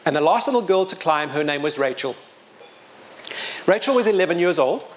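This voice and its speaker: A middle-aged man telling a story to a live audience, animated and self-mocking, with big swings in loudness. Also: fairly high pitch, fairly quick. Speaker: storyteller and motivational speaker.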